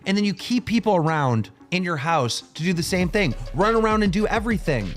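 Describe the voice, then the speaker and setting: A man's voice: high-pitched, expressive, fairly quick, faint music behind. A man hosting a live stream, lecturing a guest in a blunt, profane way. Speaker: stream host. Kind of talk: confrontational live stream talk.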